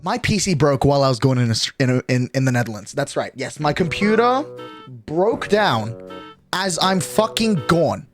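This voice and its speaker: Lively nineteen-year-old streamer. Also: medium pitch, normal speed, faint music behind. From Australia. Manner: animated, exasperated ranting with heavy swearing. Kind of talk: casual livestream chat.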